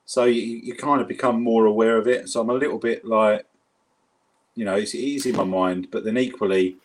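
A man's voice: on the low side, fairly even intonation, a little fast. A man with a South London accent talking casually and rambling with lots of fillers. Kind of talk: casual chat.

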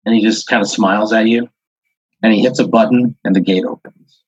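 A man's voice: on the low side, fairly even intonation, brisk, slightly rough, no echo. A man hosting a podcast, telling an improvised second-person story in a rambling way full of "like" and "uh" fillers. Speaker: podcast host. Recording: dull lo-fi audio.

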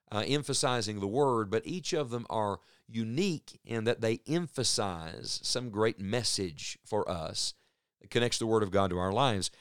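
A man with a low, smooth, resonant voice teaches from Scripture in an earnest, measured way, repeating key words for emphasis. The sound is close and dry, with no room echo. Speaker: Bible teacher. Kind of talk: radio Bible teaching.

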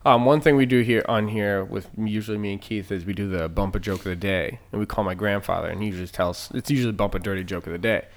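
A man hosting a podcast, telling stories in a relaxed, meandering way. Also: on the low side, quick pace, hardly any pauses. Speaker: podcast host. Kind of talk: casual podcast chat.

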